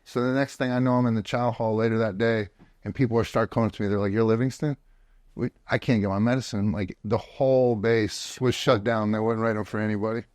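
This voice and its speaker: A man's voice: fairly low pitch, steady tone, brisk, darkish tone, dry recording, studio quality. A man telling his story as a podcast guest, blunt and profane, with frequent restarts, recorded in a home office. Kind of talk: casual storytelling.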